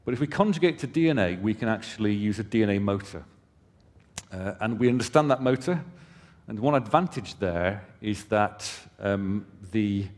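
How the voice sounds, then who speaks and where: A man's voice: on the low side, darkish tone. A man giving a conference presentation, explaining things conversationally with casual asides to the audience. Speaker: company presenter. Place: conference hall stage. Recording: long hall reverb.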